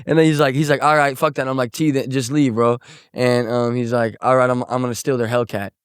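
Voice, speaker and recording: A man's voice: mid-range voice, fairly even intonation, fairly quick, clean tone, no echo, clean studio sound. A young man from Missouri, a musician guest, telling a story casually and acting out quotes with lots of swearing.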